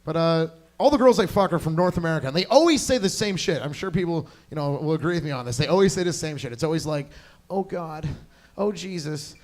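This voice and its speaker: A man's voice: a little high, animated, fast, hardly any pauses, darkish tone. A young man doing a crude, rambling stand-up set, chatting with the crowd on a club stage. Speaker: stand-up comedian.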